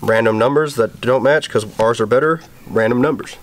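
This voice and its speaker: Guy, mid-pitched, rambling and joking with swears, garage vlog host. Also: fairly quick. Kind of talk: casual chat while working on a clutch. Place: home garage.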